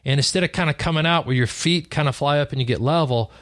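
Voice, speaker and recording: A man telling a personal story in a relaxed, conversational way, often restarting his sentences. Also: on the high side, fast talker, dry recording, clean studio sound. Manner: conversational, lively retelling with frequent restarts. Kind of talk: personal story told casually.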